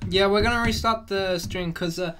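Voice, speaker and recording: A man's voice: sits high, moderate pace, fairly bright tone, slight background noise. A man co-hosting a casual live stream chat in an easygoing, talkative way. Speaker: co-host.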